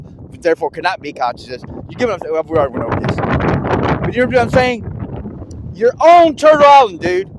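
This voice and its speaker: A man's voice: sits high, background noise. A man in a rambling, accusatory monologue, firing rhetorical questions at another creator and restarting his sentences often.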